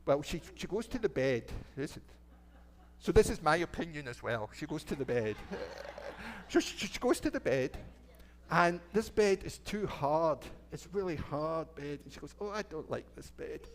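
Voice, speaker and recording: A middle-aged Scottish minister tells a children's story in a church sanctuary, his fairly high voice animated and his pace moderate. He keeps it chatty and playful, asking the children questions as he goes.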